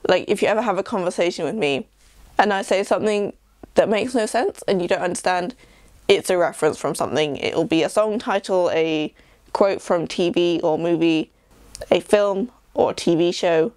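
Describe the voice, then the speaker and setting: A woman's voice: lowish voice, normal speed, darkish tone, dry recording. A young English woman vlogging in a rambling, self-deprecating casual chat. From England. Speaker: YouTuber.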